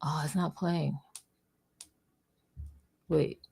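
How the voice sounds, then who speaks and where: A woman's voice: low-pitched, fairly even intonation, very slow, gravelly, mellow, slightly rough. A woman hosting a live online audio chat in a bubbly, chatty, playful way. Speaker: host.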